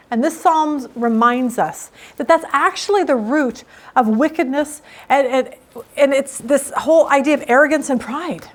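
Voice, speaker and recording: Woman, middle-aged, high voice, casual Bible teaching, emphatic storyteller.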